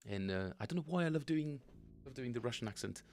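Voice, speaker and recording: A middle-aged man, a bassist, chatting casually to viewers on his live practice stream, rambling and correcting himself as he goes. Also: animated, fast talker, vocal fry, darkish tone. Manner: rambling and self-correcting, chuckling often.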